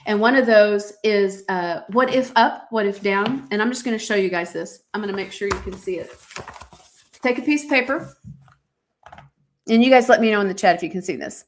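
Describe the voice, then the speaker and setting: A woman's voice: medium pitch, a little fast, long pauses, slight background noise. A woman hosting a motivational podcast, reading from her own journal with emphatic, preacher-like exhortations and frequent fillers. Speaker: podcast host.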